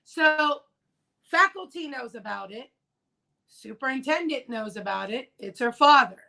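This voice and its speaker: A woman hosts a casual live-stream chat. Her voice is high and bright, and she talks with emphasis, going back over her main points to drive them home. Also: lively intonation, unhurried, vocal fry, low-quality recording. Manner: emphatic, repeats key points. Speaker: livestream host. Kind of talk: casual discussion of a news case.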